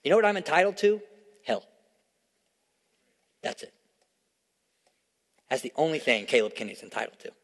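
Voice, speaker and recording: A young adult man preaching a sermon in church, emphatic and repetitive, swinging between hushed storytelling and loud declarations. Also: a little high, sing-song, normal speed, long pauses, breathy edge. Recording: long hall reverb.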